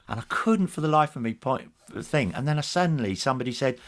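A man speaking as a guest in a relaxed interview, his voice at an ordinary middle pitch. He tells stories in a chatty, easygoing way and livens up when quoting others. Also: fast, hardly any pauses, faint music behind. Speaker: podcast guest, former TV games presenter. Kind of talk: casual anecdotal interview.

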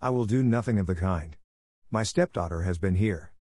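A huge, menacing old doctor blusters and snarls, as a man puts him on. His voice is raised a little above the reader's low voice, and the sound stays dry. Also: normal speed, a little mellow, dry recording. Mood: furious.

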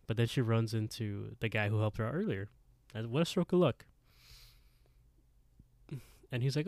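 A man's voice: medium pitch, normal speed, long pauses, dry recording. Man recapping a story, dry mic. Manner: animated retelling, laughs often. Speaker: podcast co-host.

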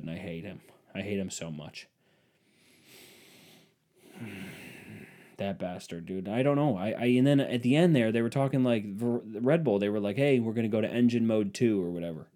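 Sarcastic man ranting, dark voice. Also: on the low side, moderate pace, pauses often. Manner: sarcastic, swings from loud bursts to muttered grumbling. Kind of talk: casual comedic monologue.

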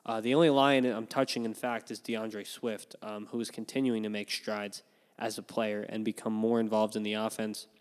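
A man in a casual fantasy football chat, opinionated and animated, with filler ums and yawns between points. His voice is smooth and resonant, and it carries a long reverb. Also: lowish voice, normal speed. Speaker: fantasy football podcast host. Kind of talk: casual sports analysis chat.

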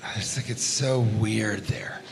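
A man hosting a live comedy podcast, riffing loudly with laughter and crude jokes from a club stage. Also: fairly low pitch, unhurried, gravelly. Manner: loud, laughing, profane riffing. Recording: live club recording with crowd noise. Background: laughing live audience.

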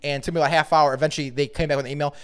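A man's voice: a little high, fairly even intonation, fairly bright tone, clean tone. A young man co-hosting a casual chat who tells a ranting work story, swearing heavily as he goes. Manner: heavy swearing, ranting, fast. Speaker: podcast co-host, trades contractor.

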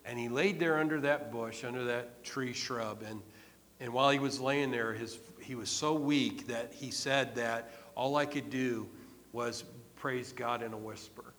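A man preaching a sermon in a conversational storytelling way, repeating phrases and filling pauses. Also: mid-range voice, fairly even intonation, a bit bright. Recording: long hall reverb.

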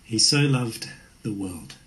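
A man's voice: fairly low pitch, slow pace, a bit bright, rough recording. A man preaching an earnest, conversational sermon. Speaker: pastor.

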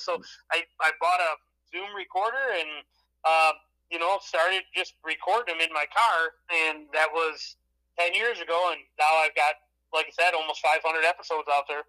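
Very bright-voiced man from Michigan. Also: on the high side, moderate pace, rough recording. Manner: long rambling anecdotes. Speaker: podcast guest. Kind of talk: casual chat.

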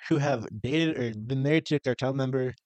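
A man co-hosting a podcast in casual, profane chat, animated and laughing between lines. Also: mid-range voice, brisk. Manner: animated, laughing asides, swings loud and quiet. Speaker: podcast co-host.

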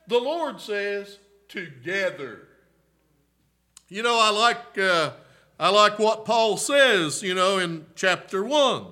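A man preaching a sermon in an old-fashioned revival cadence, swinging from shouts to hushed asides and repeating "listen, friend". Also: high voice, expressive, slow pace.

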